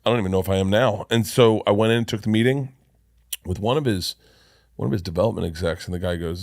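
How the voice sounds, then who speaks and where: A man's voice: fairly low pitch, fast, darkish tone, no room sound, clean studio sound. A middle-aged man telling a long, rambling, self-deprecating story on a podcast as a comedian guest.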